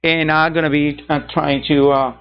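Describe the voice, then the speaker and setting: A man's voice: fairly high pitch, little pitch movement, moderate pace, clean tone. Rambling male art-channel host, dull sound. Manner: rambling, self-correcting, chuckling asides. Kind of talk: casual talk to viewers.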